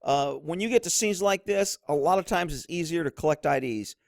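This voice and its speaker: A middle-aged man with a high-set voice explains police work in a blunt, instructive way. The recording is dry and close, with no room sound. He talks like a veteran who has seen it all. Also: a little fast, vocal fry, no room sound. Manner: blunt, instructive, drops low to mimic others. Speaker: commentator, former police officer. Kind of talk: commentary over police footage.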